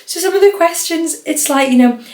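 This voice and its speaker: A woman's voice: very high voice, brisk, a little mellow. A young woman from the North East of England, hosting her podcast in a rambling, chatty way with lots of fillers. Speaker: podcast host. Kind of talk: casual solo podcast chat. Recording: roomy echo.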